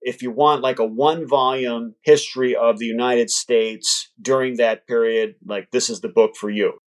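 A man, an author who studied law, giving thoughtful, measured answers as an interview guest. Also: medium pitch, steady tone. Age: adult, past law school.

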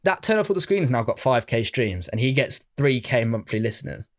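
An English man co-hosting a podcast, talking in a loose, excited ramble full of ums and swearing. His voice sits at an ordinary middle pitch for a man. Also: a little fast. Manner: enthusiastic, sweary, rambling with fillers. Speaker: podcast co-host. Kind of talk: casual chat.

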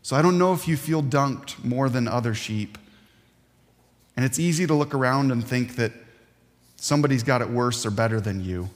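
A man preaches to his congregation in an earnest, emphatic way, leaning on pauses. His voice sits at a middle pitch. It carries a long reverb tail from a large church hall. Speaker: pastor. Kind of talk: sermon.

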